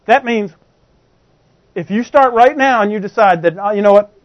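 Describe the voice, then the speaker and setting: A man's voice: sits high, moderate pace, dry recording. A man preaching a sermon in a conversational way, constantly asking the congregation rhetorical questions. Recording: dull, dry lo-fi recording.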